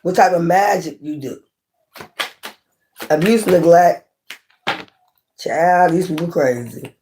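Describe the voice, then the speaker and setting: A woman's voice: fairly low pitch, expressive, slow pace, mellow, a little hiss or hum. A woman reads tarot cards for her viewers in a loose, casual way. She is blunt and swears freely, speaks with passion, and hammers her points home with repetition and questions to the audience. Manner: blunt, profane, repeats herself emphatically. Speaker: tarot reader. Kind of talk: casual tarot reading to camera.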